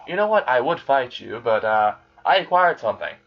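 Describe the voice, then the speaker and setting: A man voicing an arrogant young male demon who is tired of his fans, speaking with casual sarcasm and quiet menace. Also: mid-range voice, sing-song, brisk, gravelly, dull audio. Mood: smug.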